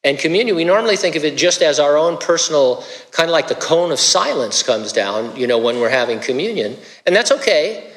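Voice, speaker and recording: A man's voice: a little high, expressive, fairly quick, few pauses, a bit bright, long reverb tail. A male pastor preaching a sermon in a casual, conversational way, with stammered restarts.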